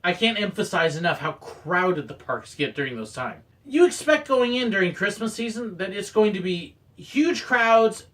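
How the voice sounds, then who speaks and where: A man casually telling stories about his old theme park job, acting out quoted moments with sudden loud bursts. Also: sits high, sing-song, moderate pace, few pauses, distant mic. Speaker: former theme park photographer sharing stories. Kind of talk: casual storytelling monologue.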